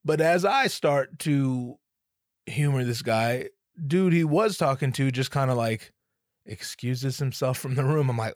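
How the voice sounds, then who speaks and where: A man's voice: mid-range voice, measured pace, no echo, studio quality. A man telling a comic story in a casual, rambling way, swearing often and stumbling over his words. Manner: profane, rambling, self-interrupting. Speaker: comedian.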